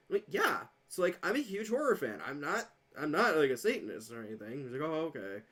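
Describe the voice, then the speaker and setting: A woman co-hosting a podcast recounts an awkward run-in with relaxed, casual swearing. Her bright voice swings widely in pitch as she plays out both sides of the conversation. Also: fairly quick, hardly any pauses, slightly rough. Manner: animated storyteller, acts out both sides of a dialogue, swears casually. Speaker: podcast co-host. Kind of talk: casual chat, telling an anecdote.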